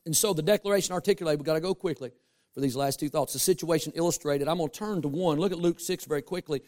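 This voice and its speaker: A male pastor preaching a sermon, animated and humorous, with asides to the congregation. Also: fairly high pitch, fast talker.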